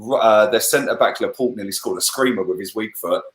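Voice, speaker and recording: A man's voice: lowish voice, fairly quick, reverberant. Man breaking down a football match. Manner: animated, lots of "yeah?" and "bruv", laughs often. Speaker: football channel host. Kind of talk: casual fan match review on a livestream.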